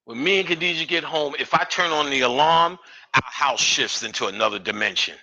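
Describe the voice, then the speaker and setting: A man's voice: on the high side, a little fast, sharp tone, low-quality recording. A man giving a live lecture, profane and streetwise, full of joking asides.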